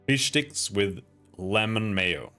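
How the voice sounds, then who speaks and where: A man's voice: fairly low pitch, lively intonation, slow, pushed and bright, faint music behind. A young man with a Swedish accent, chatting casually and rambling on a gaming livestream, swearing now and then. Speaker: streamer.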